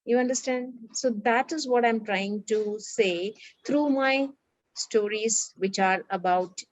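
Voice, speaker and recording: A woman reading a story aloud to a class of schoolchildren, animated and acting out the characters' lines, with an Indian English accent. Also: a little high, slow, dry recording, low-quality recording.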